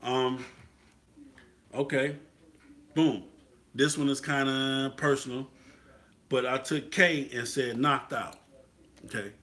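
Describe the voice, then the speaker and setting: He talks slowly at medium pitch, intonation fairly even, pausing often, his tone a bit bright. The Atlanta motorcycle club host gives a casual, preachy, repetitive motivational talk, asking "you feel what I'm saying?"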